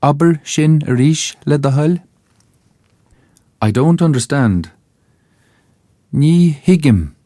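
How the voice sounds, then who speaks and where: A man with an Irish accent narrating a scripted language lesson, saying each phrase slowly and carefully so listeners can repeat it. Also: a little high, mellow, no echo, studio quality. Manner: slow, careful enunciation for repetition. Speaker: language teacher.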